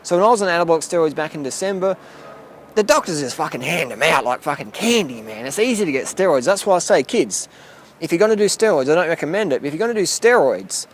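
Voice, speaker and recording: A man's voice: a little high, very animated, quick pace, a little hiss or hum. A man vlogging outdoors, ranting bluntly and profanely in a rambling way. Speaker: cycling vlogger. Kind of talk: casual rant to camera. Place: outdoors near a boat.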